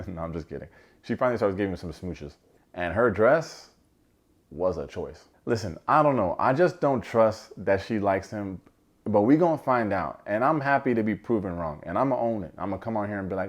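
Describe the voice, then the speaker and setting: A man's voice: on the low side, expressive, a little fast. A man giving a casual comedic recap of a reality show, full of sarcastic asides. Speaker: TV recap reviewer.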